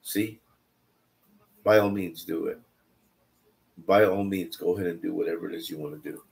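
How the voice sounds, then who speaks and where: Animated storytelling man, lowish voice. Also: moderate pace, creaky. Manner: animated, repeats phrases for emphasis, jumps between quiet asides and loud quoted lines. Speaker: Bible study teacher. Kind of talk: casual storytelling in a Bible study.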